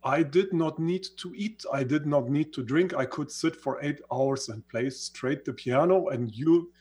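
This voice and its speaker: The guest is a man with a fairly high, husky, slightly mellow voice who speaks at a measured pace. Not a native English speaker, he recounts his life story earnestly in an interview, occasionally searching for words, in a reflective conversational way.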